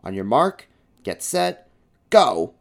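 A man voicing a brisk, official race referee calling out the start, in a read-aloud children's story. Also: mid-range voice, big pitch swings, pitched above the performer's own voice, natural voice. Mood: announcing. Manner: loud announcing calls.

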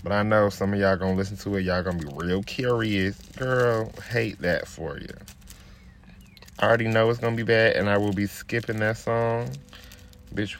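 Brash profane young man ranting. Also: slight background noise. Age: 20s. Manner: drops into a low, laid-back murmur while rolling a blunt. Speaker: podcast host. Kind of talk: casual rant.

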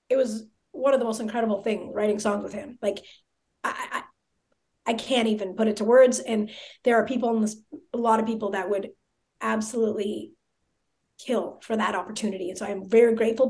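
High-voiced excitable woman telling a story. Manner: excitable, chatty, lots of filler words. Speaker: podcast guest. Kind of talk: casual storytelling.

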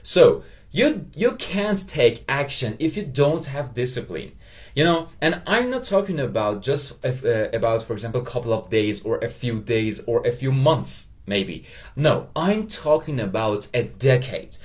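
Speaking English with a Persian accent, a native Persian speaker hosts his own motivational podcast, earnest and halting, often pausing to ask "okay?" His voice sits in the mid range and he sounds very animated.

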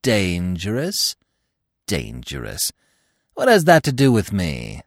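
A man's voice: mid-range voice, wildly swooping pitch, a little slow, gravelly, dry recording, clean studio sound, voice pushed up, heavily acted. A man doing a scornful young buck. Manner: scornful, superior. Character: proud, reckless young male deer.

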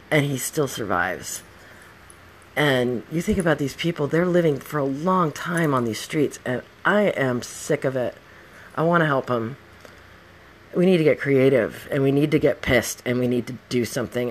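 Middle-aged podcast host, casual storyteller, blunt and swears freely, mid-range pitch. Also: normal speed. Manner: blunt and profane, with heated outbursts.

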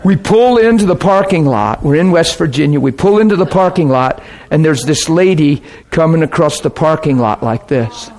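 A fairly high-voiced man preaching to a congregation. He tells a personal anecdote with lively, emotional energy and breaks into laughter now and then. His voice climbs easily as the story builds. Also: normal speed, hardly any pauses.

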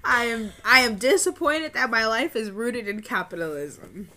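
Young woman co-host, animated and profane, crisp bright tone. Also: a little high, moderate pace, slight background noise. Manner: animated storytelling, swears freely. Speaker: podcast co-host. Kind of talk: casual chat.

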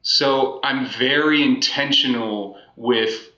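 A man's voice: medium pitch, takes it slowly, pushed and bright, echoey room, dull audio. A man talking earnestly and reflectively as a podcast guest, repeating phrases for emphasis. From United States. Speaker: podcast guest, life coach. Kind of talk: casual podcast conversation.

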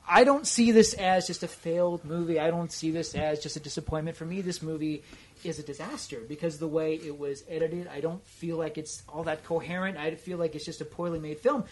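A man speaking as the film critic of a podcast panel, his voice pitched a little high. He builds his argument in a measured, deliberate way. Faint noise sits behind him, as if he is a little far from the mic. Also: steady tone. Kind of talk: casual panel chat about movies.

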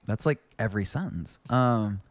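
Deadpan man with wry asides. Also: lowish voice, normal speed, no room sound. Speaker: podcast co-host. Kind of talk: casual chat, reading fan fiction aloud.

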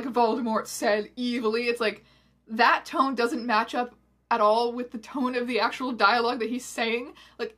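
Wry young woman reading aloud. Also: on the high side. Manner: wry, animated, quick asides. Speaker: host reading a story aloud. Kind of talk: comedic dramatic reading with commentary.

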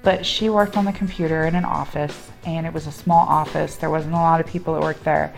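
A woman's voice: deep voice, brisk, creaky, faint music behind. A woman podcast co-host casually telling a funny story, acting out what each person said and breaking into laughter. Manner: animated storyteller acting out quoted people, laughing often.

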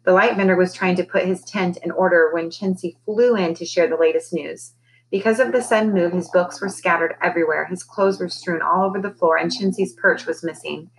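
A woman teacher reading a children's novel aloud to her class in a calm, steady storytelling voice. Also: lowish voice, fairly quick, a little hiss or hum, poor audio.

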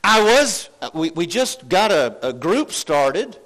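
Delivering a sermon slowly and very animatedly, this preacher has a bright, forceful voice pitched a little high. He sounds earnest and questioning, often restarts, and lowers his voice to act out doubtful thoughts.

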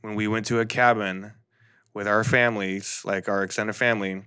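Low-voiced man with dry, close sound. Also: steady tone, normal speed, sharp tone, smooth, dry recording. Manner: wry, joking. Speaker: podcast co-host. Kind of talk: casual storytelling.

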